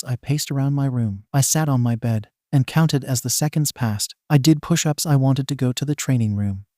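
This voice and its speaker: A man reading a fan fiction story aloud in the first person, in a flat, even voice that barely changes for the other characters. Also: mid-range voice, no echo, studio quality. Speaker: narrator.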